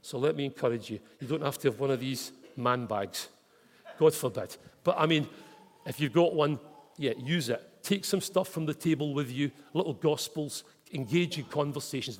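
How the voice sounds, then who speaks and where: A man's voice: mid-range voice, normal speed. A Scottish man preaching a chatty storytelling sermon, dropping in local words like wee and mate. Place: church hall with congregation. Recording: long reverb of a church hall.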